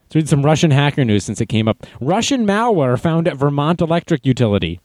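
A man's voice: a little high, very animated, a little fast, darkish tone, dry recording. A man hosting a casual livestream, reading chat messages and news aloud with sarcastic, mocking asides. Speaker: livestream host.

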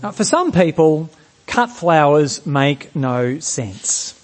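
Lively high-voiced preacher. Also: male voice, slow pace. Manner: asks the congregation rhetorical questions. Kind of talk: sermon.

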